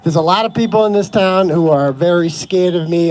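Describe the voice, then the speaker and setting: A man's voice: high-pitched, brisk, a little mellow, slight background noise. A man giving an impassioned, sarcastic speech at an outdoor street protest. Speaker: protest speaker.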